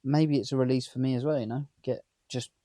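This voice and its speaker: A man's voice: medium pitch, fairly even intonation, a little fast, mellow, dry recording. Man, 30s, London-area accent, mid-range voice, dry close sound, rambling vlog chat from a van. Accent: southern English, London area. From England. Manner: rambling, chatty, asks viewers questions. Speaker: vlogger. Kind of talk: casual chat to camera. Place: inside a parked camper van.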